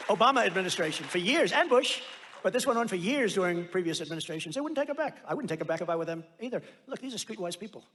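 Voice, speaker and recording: A man's voice: high voice, sharp tone, slight background noise. A man giving a rally speech in a rambling, boastful, repetitive way. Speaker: political speaker.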